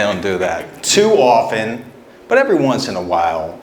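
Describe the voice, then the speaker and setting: Here a man with a fairly low voice and huge swings in pitch does stand-up at a moderate pace, rambling through absurd jokes with stammering restarts into his handheld mic. It's a small club with a live audience, captured with roomy sound and slight background noise.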